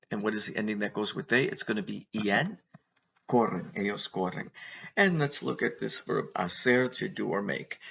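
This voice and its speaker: Gravelly husky guy teaching verbs, asks and answers himself, kinda dull lo-fi sound. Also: lowish voice, fairly bright tone. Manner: patient, asks and answers his own questions. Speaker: Spanish teacher. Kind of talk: recorded classroom lesson.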